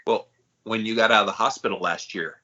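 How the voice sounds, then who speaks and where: A man with a lowish, bright and forceful voice speaks earnestly and supportively as a podcast co-host. He is frank and direct. The audio is a bit dull and lo-fi. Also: fairly even intonation, fairly quick. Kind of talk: supportive conversation.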